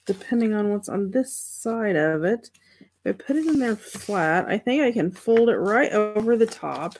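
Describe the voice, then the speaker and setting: A woman's voice: medium pitch, animated, normal speed, a little mellow. A middle-aged woman hosting a crafting livestream, thinking aloud as she works and chatting with viewers about their comments. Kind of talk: casual craft demonstration chat.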